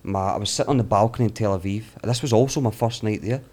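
Fast-talking man telling stories. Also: lowish voice. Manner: animated storyteller, swears freely, acts out quotes. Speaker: travelling guest. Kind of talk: casual podcast storytelling.

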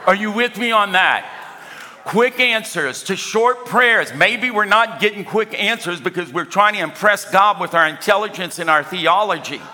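A man's voice: high voice, sharp tone. An older man preaching a sermon as pastor, talking conversationally and often asking the congregation if they follow him. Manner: conversational, asks the congregation for responses. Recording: echoey hall with long reverb.

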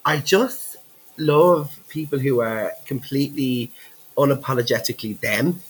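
A man's voice: mid-range voice, a little slow, rough recording. A man from Dublin with an Irish accent, a podcast guest chatting casually, giggly, swearing freely and filling his talk with "like". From Ireland, Dublin. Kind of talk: casual chat.

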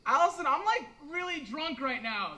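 A man's voice: very high-pitched, big pitch swings, moderate pace, sharp tone, heavily acted, poor audio. A young actor playing an awkward young man who stammers and gets drunk. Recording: film audio with faint ambience.

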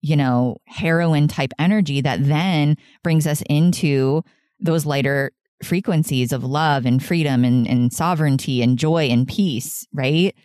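Woman podcast host, low voice, dry close sound, earnest and rambling, lots of fillers. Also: measured pace, a little mellow, dry recording. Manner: earnest, rambling, laughs often, many "like"s. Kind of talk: solo podcast monologue.

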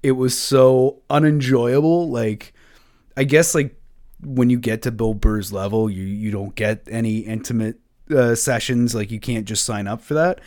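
Man ranting casually, mid pitch. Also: a little slow. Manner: animated storytelling, swears freely. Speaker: podcast co-host. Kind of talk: casual chat.

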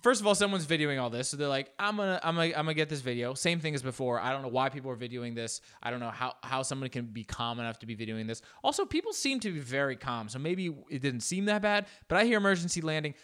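A man's voice: quick pace, hardly any pauses, clear, resonant tone. A man reacting to a news clip in casual commentary, joking and jumping into exaggerated voices. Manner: animated, joking, jumps into exaggerated high-pitched voices. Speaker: reaction video host.

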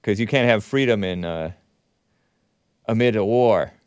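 A man's voice: on the low side, a little slow, darkish tone, clear, resonant tone, no echo. Sarcastic male talk-show host, dry mic. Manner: sarcastic, mocking asides, chuckles while reading. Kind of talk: casual commentary monologue.

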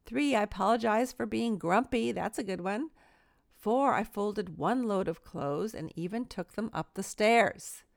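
A woman's voice: medium pitch, measured pace, gravelly, no room sound, studio quality. A middle-aged woman giving an earnest, self-deprecating devotional talk, full of small stories from home. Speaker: Christian speaker.

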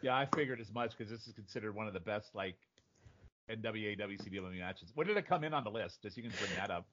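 A man's voice: on the low side, fast talker, a bit bright. A man hosting a casual podcast chat, talking bluntly and swearing freely. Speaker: podcast host. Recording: dull lo-fi audio.

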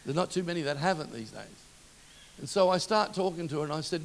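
A gravelly, fairly high-voiced middle-aged man preaches a sermon, telling stories with passion and working up to loud calls. His voice rings out with the long reverb of a large church hall. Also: lively intonation, fairly quick. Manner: impassioned storytelling, rising to loud exhortation.

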